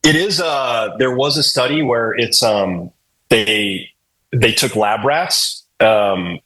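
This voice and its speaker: A middle-aged man with a husky, slightly rough voice tells stories in a loose, profane, joking way. He sounds like a guest chatting casually on a podcast, relaxed and unscripted. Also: mid-range voice, slow pace, rough recording. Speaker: podcast guest, hardcore vocalist. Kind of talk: casual storytelling interview.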